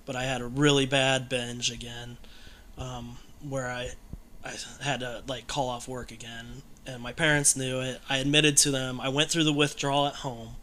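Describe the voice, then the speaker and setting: A man talks candidly in a casual conversation, rambling along with plenty of fillers and restarts. His voice is bright and sits at a middle pitch. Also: flat delivery, normal speed, slight background noise. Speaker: guest telling his recovery story.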